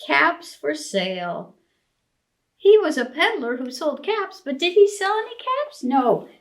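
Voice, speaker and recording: A woman librarian reading a picture book aloud to young children, expressive and asking them questions. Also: on the high side, poor audio. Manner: slow, sing-song, expressive, asks children questions. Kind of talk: preschool storytime reading.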